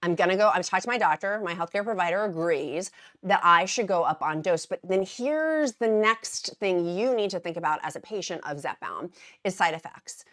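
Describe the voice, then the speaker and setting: A woman vlogger talking casually and emphatically to her viewers, repeating words for stress and dropping into quieter asides. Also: on the low side, expressive, normal speed. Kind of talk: casual explainer vlog.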